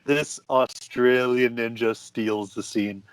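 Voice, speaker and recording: A man's voice: medium pitch, steady tone, slow, smooth. A man co-hosting a casual movie review podcast, laughing often as he reads out quotes. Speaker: podcast co-host.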